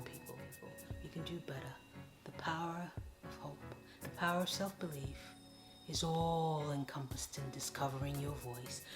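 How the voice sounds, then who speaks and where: Lady vlogger hyping you up, kinda low voice, calls you honey and darlings, echoey room w/ soft music under it. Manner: coaxing and playful, calls viewers darlings and honey. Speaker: motivational vlogger. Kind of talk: direct-to-camera motivational talk.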